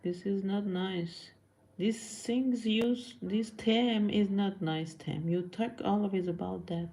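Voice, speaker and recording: Slow, gravelly-voiced woman streamer. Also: medium pitch, fairly even intonation, mellow. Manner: blunt, scolding, switches between languages; answers viewer comments aloud. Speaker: live streamer. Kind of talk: casual live-stream chat with viewers.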